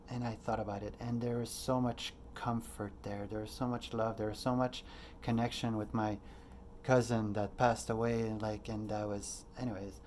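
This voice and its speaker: A man's voice: on the low side, steady tone, moderate pace, a little mellow, a little hiss or hum. A man in his late thirties telling a personal story as a podcast host, earnest and rambling, with frequent fillers and swearing. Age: late 30s.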